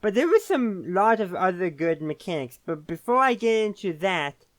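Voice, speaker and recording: A man's voice: sits high, big pitch swings, moderate pace, no room sound. A man hosting a casual video game commentary, rambling and often correcting himself mid-sentence. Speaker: host.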